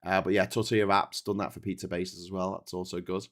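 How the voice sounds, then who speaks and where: A man's voice: low-pitched, level tone, quick pace. A man hosting a casual livestream chat, rambling and sweary, often tagging on "right?". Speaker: host.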